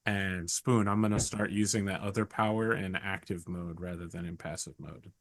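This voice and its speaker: A man's voice: deep voice, steady tone, moderate pace, dry recording. A man playing a tabletop game, tossing in playful jokes between moves. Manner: joking, playful asides. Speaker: player.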